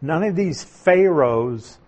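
A man preaching a sermon, teaching through a Bible passage in a slow, deliberate way with emphatic stresses. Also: fairly high pitch, expressive, darkish tone. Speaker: pastor.

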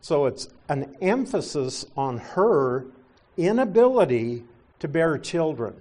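A middle-aged male pastor teaching a sermon, explaining scripture with gentle asides. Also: on the high side, very animated, slow.

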